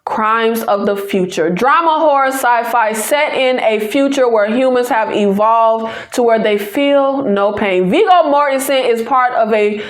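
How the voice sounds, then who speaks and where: A Southern American woman with a fairly high voice talks straight to her viewers about movies. She is chatty and sassy, full of teasing asides as she reviews each film for her channel. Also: unhurried, hardly any pauses. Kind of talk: casual movie review to camera.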